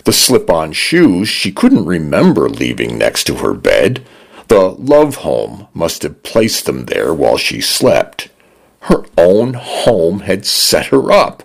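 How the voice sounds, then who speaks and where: A man narrating radio stories in a measured, expressive reading. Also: deep voice, gravelly. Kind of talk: scripted narration.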